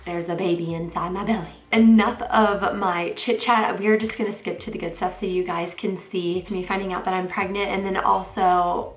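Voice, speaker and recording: A woman, talking excitedly to camera in a casual vlog, full of fillers. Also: mid-range voice. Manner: excitable, chatty, filler-heavy. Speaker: vlogger. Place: parked car. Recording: roomy echo with faint noise.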